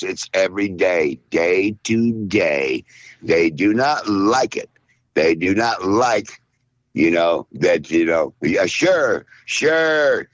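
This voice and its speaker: A middle-aged man hosting a podcast, griping and rambling in profane, gruff comedic banter. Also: on the low side, no room sound. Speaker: podcast host.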